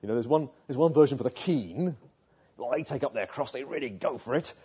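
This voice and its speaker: A man's voice: mid-range voice, lively intonation, fairly quick, warm tone, slightly rough. A man preaching a sermon, earnest, asking rhetorical questions and building to emphatic passages. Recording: muffled lo-fi sound.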